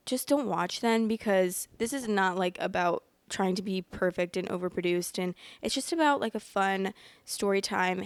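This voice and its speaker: Rambling woman host with a gravelly, smooth voice. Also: medium pitch, dry recording. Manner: rambling and apologetic, many fillers like "like"; often yawns while talking. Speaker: podcast host reading online stories. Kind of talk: casual chat and story reading. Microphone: close microphone.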